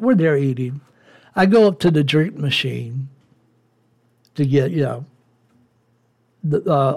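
A podcast host in his forties tells a personal story in a heated, profane rant. His voice sits a little higher than most men's. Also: darkish tone.

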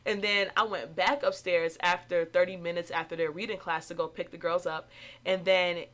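Young woman, casual storytelling, animated, jumps up high for quoted voices. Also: normal speed. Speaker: after-school program staff.

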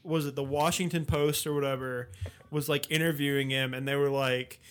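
A man co-hosting a comedic political chat, excitable and profane, with many fillers. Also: mid-range voice, clear, resonant tone. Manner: excitable, profane, does quick impressions. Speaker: podcast co-host.

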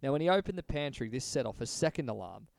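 A man's voice: mid-range voice, fast, dry recording. A man, co-hosting a podcast and retelling a story in casual, swearing chat. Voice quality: gravelly, animated, swears freely. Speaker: podcast co-host.

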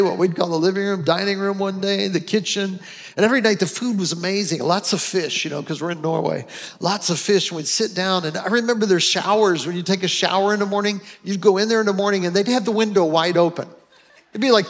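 High-pitched american pastor guy, storytelling sermon, gets emotional, lots of restarts. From United States. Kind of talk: sermon with personal stories.

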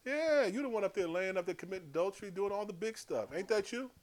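A man doing a fierce male prophet, mocking and blunt, firing off scolding accusations, voice leaping high and low, raised tone; a street-preacher's bite in every line, as the preacher acts him out. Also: lively intonation. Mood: accusing. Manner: scolding, rapid-fire accusations.

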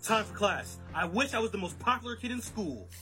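A man playing a cocky teen boy, high. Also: animated, brisk, bright, forceful tone, soft background music. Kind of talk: comedy skit video.

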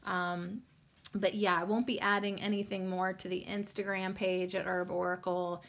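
A woman's voice: on the low side, flat delivery, normal speed, gravelly, fairly bright tone. A woman hosting her own podcast, talking in a chatty, rambling way with many ums and the odd curse word. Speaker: podcast host. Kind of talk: casual solo podcast chat.

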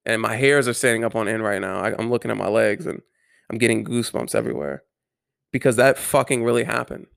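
A man earnestly telling a personal story to camera, halting and restarting his words, with some swearing. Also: lowish voice, animated, creaky, a bit bright, clear, resonant tone. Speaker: vlogger.

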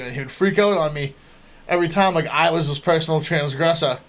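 A man's voice: on the high side, brisk, fairly bright tone. A man in casual podcast chat, telling profane stories from working a bar door and acting out the exchanges. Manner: profane storytelling, acts out quoted exchanges. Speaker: podcast co-host; former bar doorman.

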